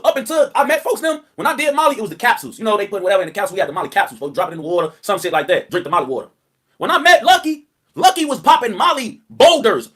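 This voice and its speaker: A young man rants on a livestream in a very high, swooping voice. He talks fast, tells profane stories and laughs often. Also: a bit bright. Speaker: rapper on a livestream. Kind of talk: casual livestream rant.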